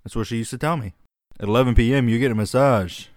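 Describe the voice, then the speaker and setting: A man's voice: mid-range voice, fast talker, a little mellow, no echo, studio quality. A man co-hosting a casual comedic chat, laughing often and slipping into put-on regional voices.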